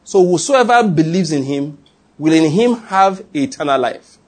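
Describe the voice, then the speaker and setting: A man preaching a sermon, reading scripture aloud and explaining it, slowing down to stress key phrases. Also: on the high side, expressive.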